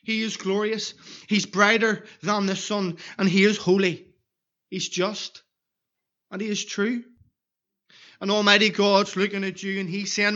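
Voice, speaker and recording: Earnest high-voiced preacher. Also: male voice, flat delivery, a little slow, sharp tone, dull audio. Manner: earnest, repeated pleading questions. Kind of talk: evangelistic sermon.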